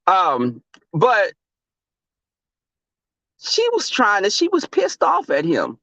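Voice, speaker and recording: High-voiced young man chatting profanely. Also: slow pace, pauses often, no echo, lo-fi sound. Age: young adult. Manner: animated, profane, laughing, calls out chat viewers. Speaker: livestream host. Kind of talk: casual livestream chat with viewers.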